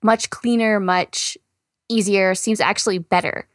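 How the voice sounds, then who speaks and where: A woman's voice: medium pitch, fairly even intonation, unhurried, no room sound. A woman co-hosting a casual science podcast, chatty and full of "you know" fillers. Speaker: science news co-host.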